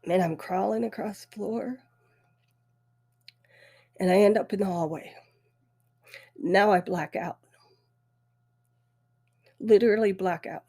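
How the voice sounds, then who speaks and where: On her podcast, a middle-aged woman tells her own story, halting and tearful as her voice breaks. She speaks at a medium pitch in a husky, breathy voice with a mellow, dark tone, clearly weepy and emotional.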